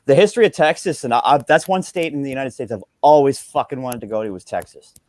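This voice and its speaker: A man from Canada, co-hosting a podcast, chatting casually and telling profane stories with animated quoted voices. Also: medium pitch, no room sound. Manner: profane storyteller, quick and animated. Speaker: podcast co-host. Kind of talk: casual chat.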